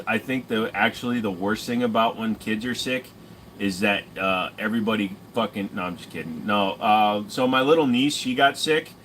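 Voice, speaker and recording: A man's voice: mid-range voice, pushed and bright, a little hiss or hum. A young man casually answering chat on a stream, rambling and cracking profane jokes.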